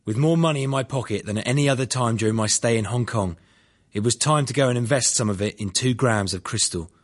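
A man's voice: medium pitch, quick pace. A man narrating his own life story in a dry, plain-spoken first-person audiobook reading. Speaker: memoir narrator.

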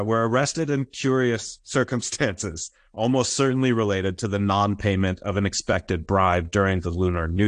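A man's voice: fairly low pitch, no room sound. Lecturing man with a dry, close sound. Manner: explanatory, frequent "uh" and "right?" checks. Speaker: history lecturer. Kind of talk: academic lecture. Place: lecture recording.

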